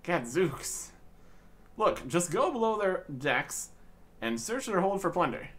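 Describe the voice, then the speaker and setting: A man's voice: high-pitched, very animated, slow, a bit bright, exaggerated voice. A man voicing a stern, impatient male ship captain in a game, scolding and bossy. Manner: scolding, bossy, nautical talk.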